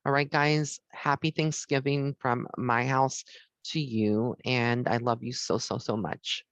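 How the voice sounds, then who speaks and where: A man's voice: mid-range voice, fairly even intonation, a little slow, a bit bright, no room sound. A man who works as a psychic medium gives a heartfelt, rambling holiday message from his home to the camera, with many ums.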